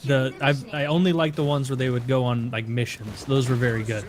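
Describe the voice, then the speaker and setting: A man's voice: medium pitch, level tone, brisk. A young adult man hosting a podcast, chatting casually and rambling with lots of fillers. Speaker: podcast host. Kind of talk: casual chat.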